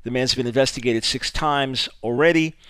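A man's voice: mid-range voice, normal speed, fairly bright tone, smooth, no room sound. A man hosting a radio talk show, speaking emphatically and with animation, stressing key words. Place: radio studio, audio only.

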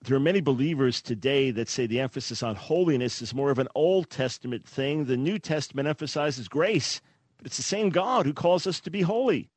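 A man's voice: medium pitch, expressive, fairly quick. A man hosting a radio talk show, teaching the Bible emphatically and asking listeners rhetorical questions.

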